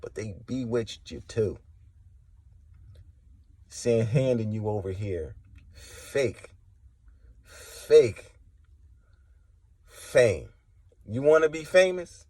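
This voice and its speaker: A man giving impassioned spoken testimony, preachy and confrontational, swinging from low and quiet to loud and high. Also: expressive, unhurried, long pauses, no echo. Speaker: religious testimony vlogger.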